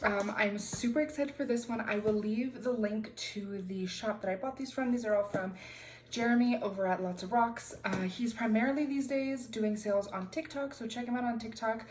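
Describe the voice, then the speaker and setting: A woman's voice: on the high side, normal speed, a little mellow, slight background noise, rough recording. A young woman chatting casually at home as she unboxes crystals, bubbly and full of fillers. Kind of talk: casual chat. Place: room at home.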